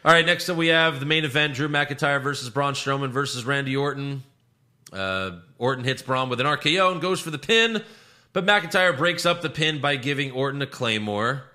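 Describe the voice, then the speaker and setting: A man's voice: mid-range voice, lively intonation, normal speed, pushed and bright. A man co-hosting a casual podcast, recapping a wrestling show and mocking the wrestlers in put-on quoted voices. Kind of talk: casual chat.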